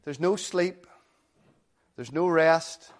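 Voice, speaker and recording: High-voiced man preaching. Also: slow pace. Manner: earnest, conversational preaching with rhetorical questions. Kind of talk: sermon.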